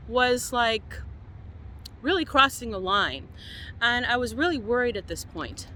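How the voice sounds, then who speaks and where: A young woman from Quebec recounting a tense encounter in a vlog, animated and exasperated in tone. Her voice sits high and sounds bright and sharp. A faint hum of noise runs underneath. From Quebec, Canada. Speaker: van-life vlogger. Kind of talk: storytelling to camera.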